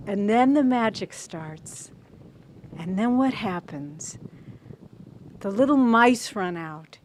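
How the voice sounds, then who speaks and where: A woman in her sixties giving a devotional talk as a spiritual teacher, telling a story in a gently earnest way. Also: mid-range voice, a little hiss or hum.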